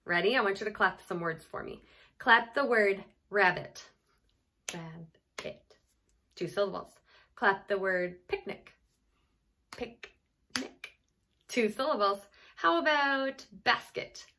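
A woman teacher giving a phonics lesson to young children, sounding out letters and syllables with patient, gentle prompting. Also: medium pitch, expressive, normal speed, a little hiss or hum.

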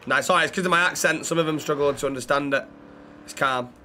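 A man with a high, light voice streams a role-play game live. He swears constantly as he plays. Between moves he rattles off quick thanks to his viewers. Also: pushed and bright, slight background noise. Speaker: livestreamer.

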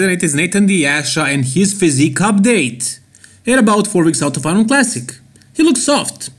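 A man with a Serbian accent delivers opinionated bodybuilding commentary for his vlog. His voice sits a little high, and he hammers his points home by repeating words. It is plain, direct vlog talk. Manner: emphatic, repeats key words for stress. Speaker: bodybuilding channel host.

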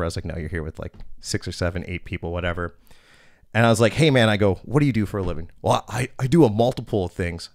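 A man's voice: on the low side, no echo, clean studio sound. A man in his thirties hosting a podcast, telling a bouncer story in a blunt, profane, casual way.

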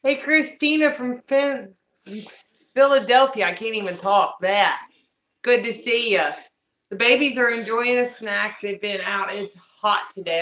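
A woman talks casually to viewers on a livestream at home, greeting people by name and calling out to her pets. Her voice is bright. The room is echoey. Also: fairly high pitch, measured pace. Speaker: livestream host talking to viewers.

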